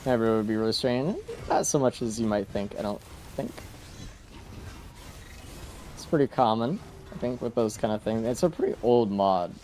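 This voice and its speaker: Laid-back low-voiced game streamer man. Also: expressive, moderate pace, long pauses, dark tone, soft background music. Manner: laid-back, rambling, trailing off with fillers. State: sleepy, yawning. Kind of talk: casual live-stream commentary while playing.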